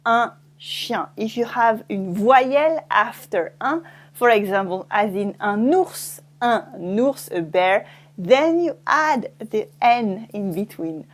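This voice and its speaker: A woman with a French accent teaching pronunciation in a language lesson, saying words slowly and repeating them with care. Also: a little high, expressive. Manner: slow, careful pronunciation drills, repeating each word.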